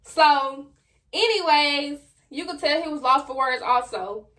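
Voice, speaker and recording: A young adult woman telling a personal story straight to her viewers in a casual, slangy, animated way. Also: high-pitched, unhurried. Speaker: vlogger.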